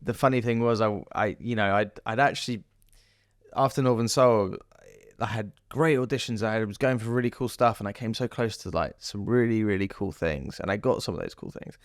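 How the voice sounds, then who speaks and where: Deep-ish man, chatty actor. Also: brisk, dry recording, studio quality. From southern England. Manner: chatty, rambling storyteller. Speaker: actor, podcast guest. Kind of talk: casual interview chat.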